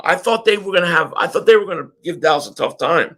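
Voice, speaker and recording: A man hosting a live sports reaction stream, ranting excitably and often shouting at the game. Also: a little high, a little fast, hardly any pauses. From Philadelphia area.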